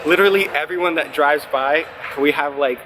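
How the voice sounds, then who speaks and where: A man's voice: fairly high pitch, brisk, noisy background. A man in his twenties telling a personal story for his vlog, rambling and self-deprecating, with lots of "like" fillers. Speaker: vlogger.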